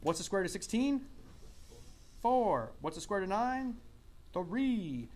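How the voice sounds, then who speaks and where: A man's voice: sits high, animated, moderate pace, darkish tone. Man teaching a math class. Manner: asks the class questions and repeats answers; coughs and clears throat now and then. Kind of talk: classroom lecture.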